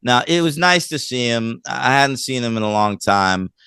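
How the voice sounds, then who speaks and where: A man co-hosting a casual film review podcast, rambling and animated as he retells scenes, with lots of fillers. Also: medium pitch, normal speed, clear, resonant tone, dry recording, clean studio sound. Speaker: podcast co-host.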